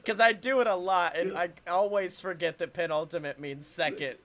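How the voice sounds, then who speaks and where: A young man with a bright, forceful voice rattles off a story in casual podcast chat. He slips into other people's voices, swears freely and breaks into laughter. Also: high voice, normal speed. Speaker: podcast co-host.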